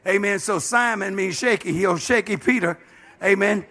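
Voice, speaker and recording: A man's voice: high-pitched, normal speed, creaky, pushed and bright. A man, a bishop, preaching a sermon with passion, dropping frequent amens and calling out to the congregation. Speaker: bishop and pastor.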